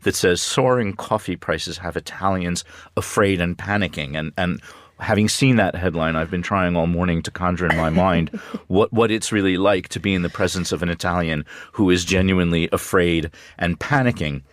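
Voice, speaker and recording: A man speaking as a news commentator in a radio studio discussion, measured with a dry wit and frequent ums. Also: low-pitched. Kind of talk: radio current-affairs discussion.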